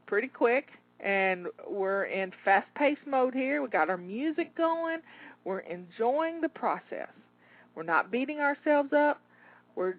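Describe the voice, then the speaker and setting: With a medium-pitched voice and no echo, a woman coaches listeners through timed cleaning tasks, cheering them on with repeated, encouraging rallying phrases. The recording is dry and narrow, like a phone.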